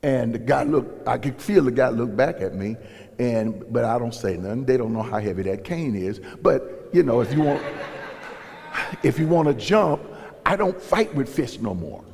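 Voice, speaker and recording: A man's voice: mid-range voice, lively intonation, moderate pace, vocal fry, a little mellow. A man, a pastor, preaching in a folksy storytelling way and acting out dialogue in raised voices. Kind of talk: sermon storytelling. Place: church sanctuary. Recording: long reverb in a large hall.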